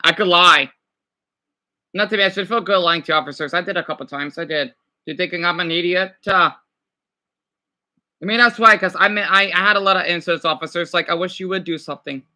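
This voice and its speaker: A man's voice: sits high, brisk, bright, forceful tone. A man reacting to a video clip with heated, profane ranting, often stumbling and restarting. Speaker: reaction vlogger.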